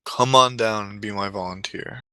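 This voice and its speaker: A man's voice: lowish voice, fairly even intonation, moderate pace, bright, forceful tone, clear, resonant tone, dry recording. A man voicing an old, decrepit male clown who stammers and fumbles his words. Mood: showman-polite. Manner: hesitant, fumbling with ums and polite fillers.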